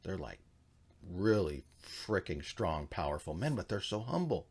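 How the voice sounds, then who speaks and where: Low-voiced man teaching casually. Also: a little slow, breathy edge. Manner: rambling, animated storytelling with many fillers. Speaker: religious history presenter.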